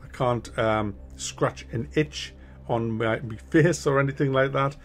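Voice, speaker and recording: A man's voice: medium pitch, unhurried. A man hosting a channel, giving a casual monthly update in a candid, rambling way with blunt swearing. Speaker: gaming channel host.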